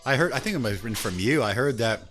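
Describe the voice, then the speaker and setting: A man's voice: medium pitch, animated, fast, fairly bright tone, faint music behind. A man hosting a casual chat over beers, a bit tipsy, telling loose stories and acting out what people said. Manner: loose storytelling, acts out quoted people. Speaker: host.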